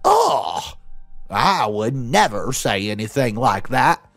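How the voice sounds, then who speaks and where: A man voicing a volatile older Southern mother with a thick, shrill, high-pitched accent, confrontational and yelling. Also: wildly swooping pitch, slow pace, gravelly, dry recording, faint music behind, exaggerated voice. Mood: aggressive, shrill.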